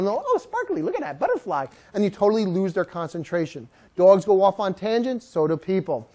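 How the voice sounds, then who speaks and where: Animated woman dog trainer with a lively pitch. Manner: animated, jokey, acts out voices of people and dogs. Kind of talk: live talk to an audience.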